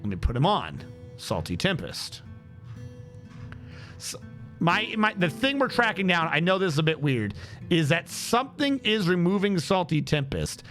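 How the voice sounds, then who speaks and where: A man's voice: on the high side, wildly swooping pitch, moderate pace, a bit bright, soft background music. A man streaming a game, thinking aloud on a headset as he troubleshoots. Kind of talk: casual gameplay commentary.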